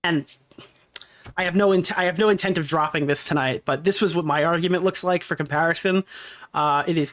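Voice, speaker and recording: A man's voice: fairly high pitch, a little fast, fairly bright tone. A man in a played clip giving a defensive monologue. He sounds aggrieved and argumentative, stopping often on fillers.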